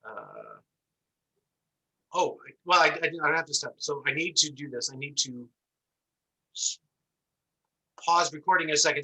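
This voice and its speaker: A man teaching an online class, telling an animated story and acting out the voices as he explains. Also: fairly high pitch, rough recording. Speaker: instructor.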